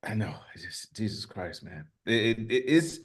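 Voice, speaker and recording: A man in his fifties co-hosting a podcast, talking casually and getting animated when worked up. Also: on the low side, normal speed. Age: 50s. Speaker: podcast co-host. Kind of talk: casual chat.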